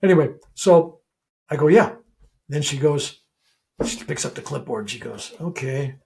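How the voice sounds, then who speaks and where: Gravelly older man telling a story. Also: fairly high pitch, normal speed. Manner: animated, acts out dialogue in retellings. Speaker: guest, reverend. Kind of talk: storytelling in a podcast interview.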